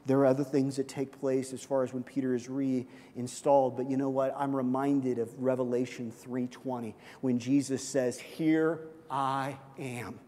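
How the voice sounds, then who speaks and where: A man preaching a sermon as pastor, swinging from loud, urgent passages to hushed, soft ones and acting out quoted voices in conversational asides. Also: mid-range voice, completely flat delivery, moderate pace, hardly any pauses. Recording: long reverb of a large hall.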